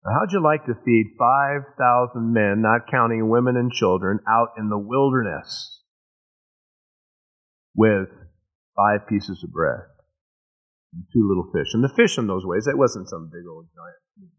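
A male pastor delivering a sermon in a relaxed, conversational style. He explains each verse in plain, everyday words and brings the scenes to life by acting them out. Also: fairly low pitch, a little slow, highs cut off. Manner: casual storytelling preaching, explains verse by verse; acts out scenes with sound effects and voices.

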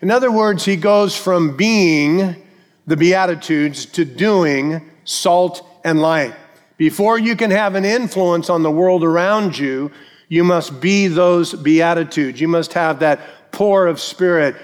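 Emphatic preaching man in a reverberant church. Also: a little high. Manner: emphatic preaching, repeats key phrases, slows for emphasis. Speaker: pastor. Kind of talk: sermon. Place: church sanctuary. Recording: long reverb of a church hall.

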